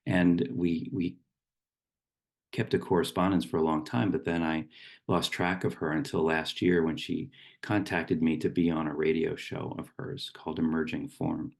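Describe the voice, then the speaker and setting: A middle-aged man giving a gentle, unhurried reflective talk as a meditation teacher, with small restarts. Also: rumbling low, little pitch movement, gravelly.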